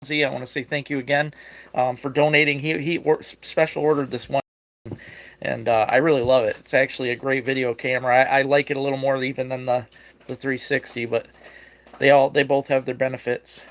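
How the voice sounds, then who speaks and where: Tired fishing vlogger chatting live. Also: male voice, mid-range voice, flat delivery, fairly quick, fairly bright tone. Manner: tired, greets viewers by name, laughs often. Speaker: fishing channel host. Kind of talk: casual live stream chat.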